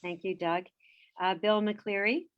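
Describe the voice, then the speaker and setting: A woman's voice: mid-range voice, fairly even intonation, a little slow, highs cut off. A woman chairing a council meeting over a video call, running the votes and roll call politely with small fillers.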